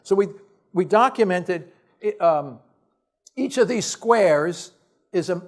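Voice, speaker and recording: A man giving a science lecture to an audience, emphatic and exasperated, firing off blunt rhetorical questions in casual, off-the-cuff phrasing. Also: a little high.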